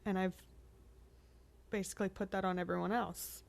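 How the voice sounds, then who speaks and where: A woman co-hosting a podcast, talking candidly and reflectively with frequent restarts and soft laughs. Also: mid-range voice, flat delivery, normal speed, creaky. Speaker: podcast co-host. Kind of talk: candid conversational podcast chat.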